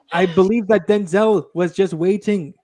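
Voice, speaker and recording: Host, male, high voice, slow mock-regal announcer, dry close mic. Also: mellow, no room sound. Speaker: tournament moderator, self-styled lord. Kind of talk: casual podcast chat with mock-regal announcing.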